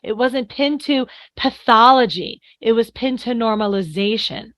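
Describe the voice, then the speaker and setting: A woman's voice: a little high, unhurried, a bit bright, dry recording. A middle-aged woman coaching on anxiety, chatting earnestly on a podcast and telling stories with quoted lines. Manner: earnest, explains with anecdotes and acted-out quotes. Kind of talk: casual podcast conversation.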